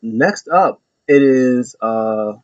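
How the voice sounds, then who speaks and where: A man's voice: mid-range voice, lively intonation, drawn-out words, no room sound. A man hosting a casual wrestling recap, talking loosely and rambling with lots of fillers. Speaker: show host. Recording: slightly dull lo-fi, dry.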